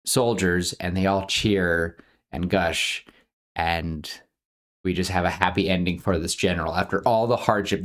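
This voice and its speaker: A woman in her thirties co-hosting a podcast, rambling in casual chat, upbeat and often laughing. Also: extremely low pitch. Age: 30s. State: out of breath. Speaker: podcast co-host.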